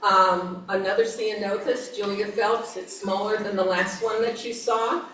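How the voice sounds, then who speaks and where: A woman's voice: mid-range voice, fairly even intonation, measured pace, fairly bright tone. A woman giving an informal nature talk about plants, chatty, with frequent laughs and fillers. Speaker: garden speaker. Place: outdoor garden event. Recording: roomy, distant mic, faint ambience.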